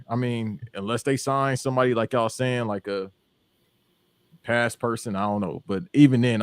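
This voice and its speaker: A man's voice: fairly low pitch, no echo, clean studio sound. A man co-hosting a wrestling podcast, talking loosely and joking, often trailing off mid-thought. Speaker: podcast co-host. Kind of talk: casual wrestling chat.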